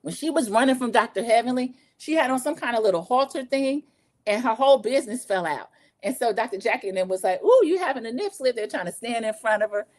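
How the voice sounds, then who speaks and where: A woman in her forties hosting a casual livestream recap, gossipy and animated, talking straight to her viewers. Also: fairly high pitch, quick pace. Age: 40s. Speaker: show recap host.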